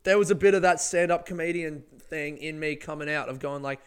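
A stand-up comedian rambles through his stories in a loose podcast monologue, cursing freely as he goes. His voice sits a little high and comes across smooth and clear. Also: a little fast. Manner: rambling, swears freely, animated storytelling.

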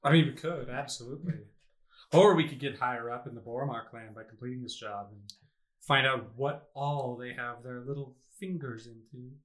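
A man's voice: medium pitch, normal speed, a bit bright, low-quality recording. A man playing a tabletop game, playful and often laughing as he talks. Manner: playful, laughs while talking. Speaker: player.

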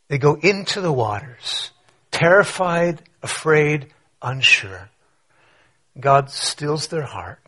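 A man preaching a conversational sermon, telling a story with rhetorical questions and quiet asides. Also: medium pitch, slightly rough. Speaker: pastor.

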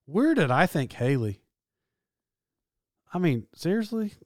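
A man talking in a casual solo monologue. He rambles, restarts and corrects himself, with animated bursts. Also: fairly high pitch, measured pace, pauses often, dry recording, clean studio sound.

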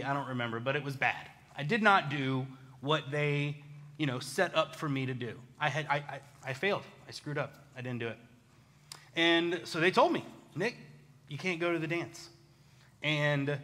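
A man tells a personal story in a casual, chatty way, poking fun at himself as he goes. His voice sits a little high for a man and has a bright, forceful edge. He keeps it animated. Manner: self-deprecating, chatty, animated.

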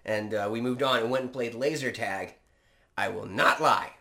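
A man telling stories in a casual chat, animated and swearing freely. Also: mid-range voice, moderate pace, vocal fry, background noise.

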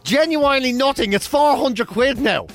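An Irish man co-hosting a radio show, telling a self-mocking story with lively, animated delivery. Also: very high voice, moderate pace, faint music behind. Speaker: radio co-host. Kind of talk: casual radio banter.

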